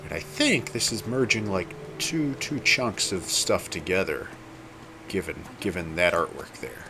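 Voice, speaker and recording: A man's voice: low-pitched, expressive, unhurried, background noise. A man casually commenting while he plays a game, rambling and chatty. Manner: rambling, chatty, self-correcting. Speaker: gameplay video host.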